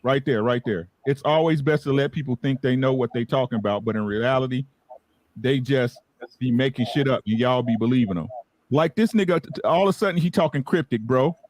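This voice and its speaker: A man's voice: mid-range voice, brisk, a little mellow, dry recording. A man in casual, profane banter about a boxing match, impatient and repeating himself. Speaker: boxing show co-host.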